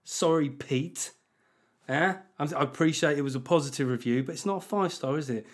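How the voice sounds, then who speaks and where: A man's voice: fairly high pitch, brisk. Profane, self-mocking man. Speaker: podcast host. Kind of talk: casual chat.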